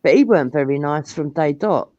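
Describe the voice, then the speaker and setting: A middle-aged woman with a Cockney accent, hosting a casual live-stream chat, telling animated stories and swearing freely. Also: sits low, a little fast, no echo. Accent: London Cockney. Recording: dull lo-fi stream audio.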